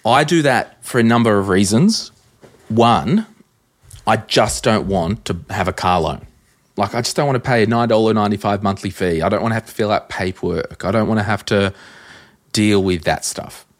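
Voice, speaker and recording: An Australian man hosting a podcast, telling stories in a casual, animated way and acting out conversations. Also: fairly low pitch, normal speed. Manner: animated storyteller, acts out quoted exchanges. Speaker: podcast host. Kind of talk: casual chat.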